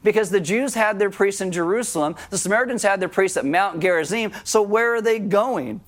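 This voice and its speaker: A man with a somewhat high voice preaches a sermon to his congregation. He talks with them in a conversational way and turns lively when he acts out a scene. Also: brisk. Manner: conversational, addresses congregation directly. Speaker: pastor.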